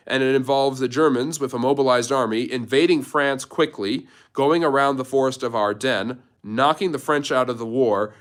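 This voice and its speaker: Man, history host, live-stream Q&A, storytelling explainer, mid-pitched voice. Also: a bit bright. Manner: storytelling, building a step-by-step chain of events.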